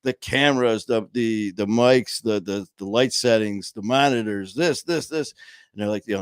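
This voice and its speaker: Rambling low-voiced man hosting a show. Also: moderate pace, clean tone, no room sound. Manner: rambling, lots of fillers and restarts. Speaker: podcast host. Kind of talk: casual chat. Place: home studio. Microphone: headset.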